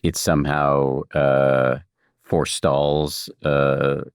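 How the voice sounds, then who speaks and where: Extremely deep-voiced male podcast host. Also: monotone, smooth, no room sound, clean studio sound. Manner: thoughtful, measured questions. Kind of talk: podcast conversation.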